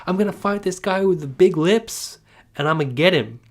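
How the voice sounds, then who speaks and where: A man's voice: high-pitched, lively intonation, normal speed, pitched above the performer's own voice. A man quoting a boastful but cowardly teenage pirate boy in a loose, swaggering voice while recapping a story.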